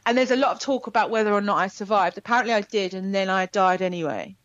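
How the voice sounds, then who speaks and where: A woman actor chatting as an interview guest, telling animated stories with laughter. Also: mid-range voice, fast, no echo, lo-fi sound. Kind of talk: casual interview chat.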